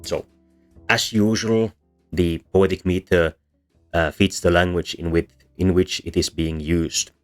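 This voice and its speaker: A man's voice: low voice, fairly even intonation, a little slow. A man giving a casual, hesitant lecture on linguistics, with frequent ums and restarts. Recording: soft background music under voice.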